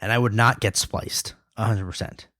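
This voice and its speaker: A man's voice: fairly low pitch, fairly even intonation, moderate pace, pushed and bright, no echo, studio quality. A man hosting a casual gaming podcast, joking and steering the chat. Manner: playful, wraps up segments. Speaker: podcast host.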